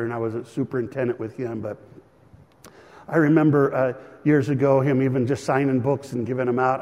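A man's voice: medium pitch, a little mellow. A middle-aged man pastor preaching a sermon, telling stories with chuckles and fillers. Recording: long hall reverb.

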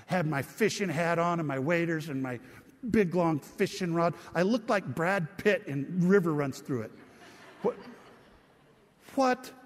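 A man preaching a sermon as a pastor, chatty and joking with his congregation. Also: fairly high pitch. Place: church hall. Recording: long reverb of a church hall.

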